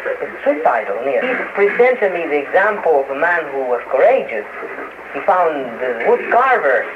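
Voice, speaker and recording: A man in an interview who speaks haltingly, with many restarts and fillers, heard on an old radio recording. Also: fairly high pitch. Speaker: interview guest. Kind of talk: casual interview talk. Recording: noisy lo-fi archival radio, phone-like.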